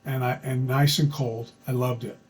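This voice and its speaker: Over poor audio with slight background noise, a man casually tells a true personal story in a chatty, folksy style, frequently restarting and using fillers. His medium-pitched voice stays level at a normal speed.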